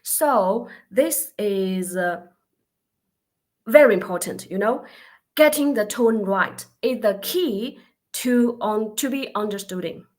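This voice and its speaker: A woman whose first language is Mandarin, teaching beginners in a live online class, speaking slowly and patiently while drilling sounds for learners to repeat. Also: mid-range voice, darkish tone. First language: Mandarin Chinese. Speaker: Chinese teacher.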